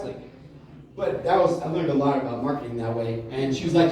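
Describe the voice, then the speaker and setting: A man doing a rambling stand-up set, telling a loose, halting story full of "like" and restarts. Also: medium pitch, mellow. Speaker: stand-up comedian. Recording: roomy, distant mic with faint room noise.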